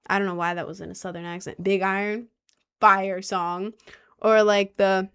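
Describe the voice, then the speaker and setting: Slow, rambling young woman vlogger. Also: mid-range voice. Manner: rambling and unsure, full of "like" and restarts. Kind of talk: casual rambling chat.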